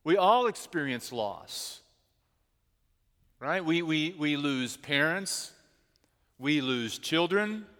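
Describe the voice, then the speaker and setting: A man preaching to his congregation in an earnest, storytelling way, slowing down to lean on the words that matter. His voice sits a little higher than most men's. It rings out through a church sanctuary with a long, trailing reverb. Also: lively intonation, fairly bright tone. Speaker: pastor. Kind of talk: sermon.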